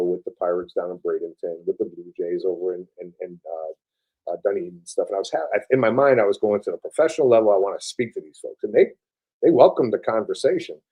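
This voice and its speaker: A military veteran in his forties speaks with a Buffalo accent softened by years in the South. His voice sits low and sounds warm and mellow. He rambles casually, full of "like" and restarts, with the odd swear word. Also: slightly rough. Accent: Buffalo mixed with Southern US. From upstate New York. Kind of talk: casual interview conversation.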